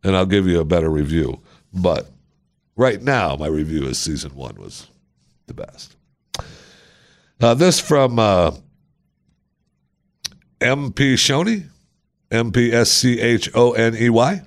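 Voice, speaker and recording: A man's voice: fairly low pitch, sing-song, unhurried, long pauses. Wry man hosting a podcast. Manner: wry, self-deprecating, joking asides. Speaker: podcast host. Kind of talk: casual solo podcast chat reading listener reviews.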